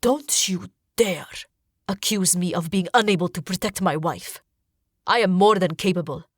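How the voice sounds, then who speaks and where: A woman's voice: lowish voice, moderate pace, no echo, clean studio sound, lightly acted. A woman reading an audiobook, voicing a proud, defensive sultan who talks coolly and with indignation. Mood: indignant. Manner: cool, indignant.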